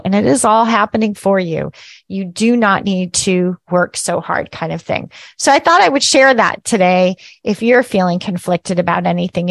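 A woman hosting a casual spiritual teaching talk, chatty and lively, laughing at herself and often checking in with "right?". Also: fairly low pitch, dry recording.

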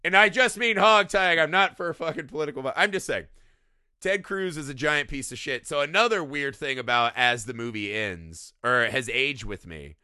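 This film-podcast co-host has a clear, resonant, medium-pitched voice and speaks at a normal speed in clean, echo-free studio sound. He's animated and profane in casual chat, often finishing sentences with "right?".

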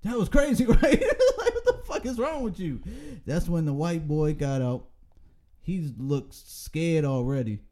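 A man's voice: a little high, measured pace. A young man hosting a casual chat, telling stories with lots of laughter and acted-out quotes. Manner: animated, laughing storyteller, acts out quotes.

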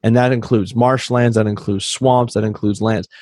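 A man from Canada telling stories in casual conversation as a podcast guest, animated and acting out the dialogue he quotes. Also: lowish voice, normal speed, no room sound. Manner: animated storyteller who acts out quoted dialogue. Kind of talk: casual storytelling chat.

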